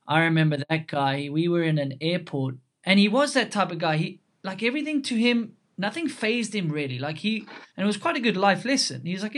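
Slightly high-voiced podcast host. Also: male voice. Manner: warm tribute, reminiscing. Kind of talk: casual interview chat.

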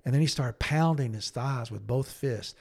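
A middle-aged man tells a story from his counseling work in an earnest, halting way. He restarts his sentences often, and his voice sits at an ordinary middle pitch. When he quotes someone, he sinks into a low, hushed tone. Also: vocal fry. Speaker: podcast co-host and counselor. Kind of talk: conversational storytelling.

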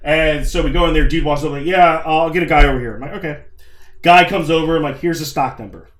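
A young man with a voice on the high side talks at a quick pace in an echoey room. He tells a story casually and profanely, animated, acting out his own lines and quoting others.

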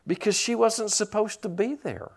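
A middle-aged man preaching a sermon, lively with teasing humor and asides. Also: sits high, moderate pace. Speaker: pastor.

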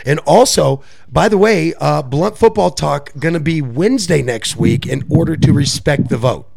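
A man's voice: on the high side, moderate pace, gravelly, background noise. A man from Puerto Rico co-hosting a podcast, chatting casually and loosely, swearing and laughing often. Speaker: podcast co-host. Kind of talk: casual chat.

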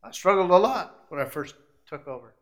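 A middle-aged pastor preaching a sermon, rising to loud climaxes and dropping to quiet, intimate asides. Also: male voice, high-pitched, lively intonation, brisk.

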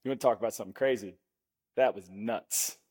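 A middle-aged man, a former pro football lineman, guesting on a podcast and telling rambling, animated anecdotes with acted-out dialogue. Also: on the low side, fairly quick, over music. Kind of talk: casual storytelling chat.

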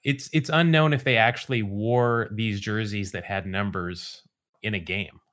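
Low-voiced man telling history casually. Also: measured pace. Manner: relaxed storytelling with dry asides. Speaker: podcast host. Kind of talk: casual chat.

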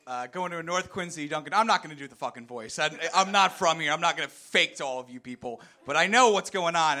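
A man's voice: high voice, sharp tone. A man competing in a live comedy game, rambling wryly and restarting his sentences. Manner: rambling, self-interrupting, wry. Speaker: comedy contestant. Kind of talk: improvised comedy riffing.

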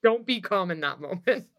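A woman coach in an animated podcast chat who laughs often and talks with emphasis. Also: fairly high pitch, breathy edge, lo-fi sound. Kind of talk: casual podcast conversation.

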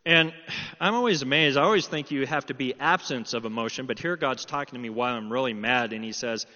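A man's voice: medium pitch, quick pace. A middle-aged man preaching a sermon, telling a personal story and acting out the dialogue. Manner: animated storytelling, quoting dialogue. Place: church hall. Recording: dull sound with long hall reverb.

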